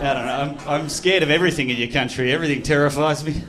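An Australian man performing a stand-up comedy set on a club stage, animated and slipping into loud put-on voices. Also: on the high side, fast. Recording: live club recording with crowd noise. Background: audience laughter.

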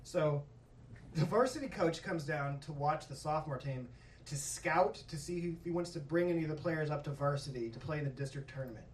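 A man telling a stand-up story on a comedy stage, swearing freely and acting out yelling coaches. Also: a little high, fairly quick, far from the mic, a little hiss or hum. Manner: profane, animated, acts out coaches' yelling. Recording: echoey hall with crowd laughter, mic from afar. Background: audience laughing.

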